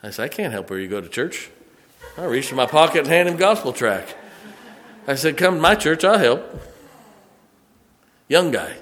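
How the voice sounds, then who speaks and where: A man preaching a sermon as pastor, rising to loud emphasis on scripture and dropping into folksy, chatty asides. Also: fairly high pitch, long reverb tail. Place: church sanctuary.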